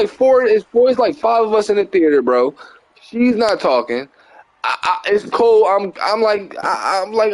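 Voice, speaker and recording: A young man with a Philadelphia accent, casually telling a long profane story while gaming, rambling and animated, often asking "you get what I'm saying". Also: on the high side, normal speed. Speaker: gaming channel host. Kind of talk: casual storytelling over gameplay.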